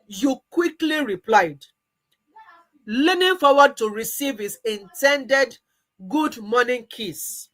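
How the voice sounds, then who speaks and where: A woman coach with a Nigerian accent tells a story in the second person, guiding the listener through an imagined day. Her voice is fairly high, and her storytelling is lively. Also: slow, rough recording. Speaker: weight-loss coach. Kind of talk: guided visualization narration.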